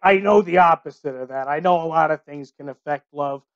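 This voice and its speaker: A man's voice: a little high, fairly quick, clean tone, no room sound, highs cut off, natural voice. A man playing a former circus sideshow performer, talking bluntly and matter-of-factly in an improvised comedy podcast. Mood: deadpan. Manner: deadpan, blunt, matter-of-fact.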